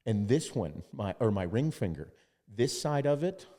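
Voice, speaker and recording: A man's voice: on the low side, very animated, normal speed, mellow, long reverb tail. A man hosting a podcast, telling a story in casual chat and quoting others, with lots of swearing. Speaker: podcast host.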